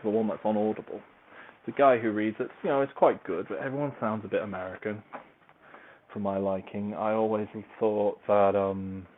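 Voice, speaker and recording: Rambling man, tinny phone sound. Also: fairly low pitch. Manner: chatty, meandering, self-deprecating; moving about while tidying. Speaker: podcaster reviewing a book series. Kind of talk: casual rambling monologue. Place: at home, large open-plan room. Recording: tinny phone-like recording, faint noise.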